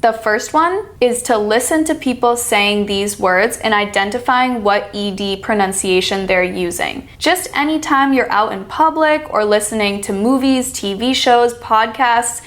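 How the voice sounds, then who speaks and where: American lady doing a pronunciation lesson, slow and careful, repeats each word. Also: a little high, fairly bright tone. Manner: slow, demonstrating each sound. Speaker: accent coach.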